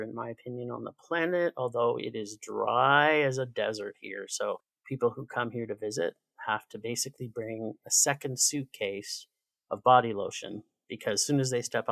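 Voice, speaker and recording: Man, podcast guest, sarcastic and joking, gravelly voice, dry close mic. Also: medium pitch, no room sound. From Canada. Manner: sarcastic, joking, animated storyteller. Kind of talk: casual chat.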